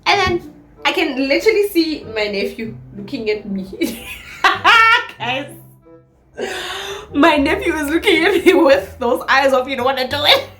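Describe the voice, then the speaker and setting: A young South African woman vlogging a storytime in an animated, dramatic way, with plenty of swearing. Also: high voice, unhurried, reverberant, faint music behind. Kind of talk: storytime vlog.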